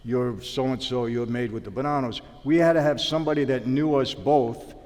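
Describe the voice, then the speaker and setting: A man's voice: medium pitch, normal speed, big-room sound. A man telling stories in a sit-down interview, acting out the dialogue. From New York. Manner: animated storyteller acting out dialogue. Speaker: interview guest, former mobster.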